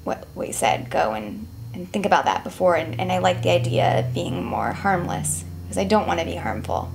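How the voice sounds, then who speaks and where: A woman's voice: on the low side, very animated, moderate pace, gravelly, background noise. A woman speaking thoughtfully and candidly about her own habits. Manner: thoughtful, candid, self-questioning. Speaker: client in session. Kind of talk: reflective conversation.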